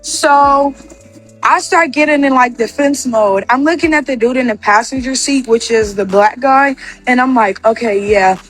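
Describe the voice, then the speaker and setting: High-voiced young woman, rambling storytime. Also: a bit bright, faint music behind. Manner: rapid, filler-heavy with constant "like". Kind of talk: casual storytime.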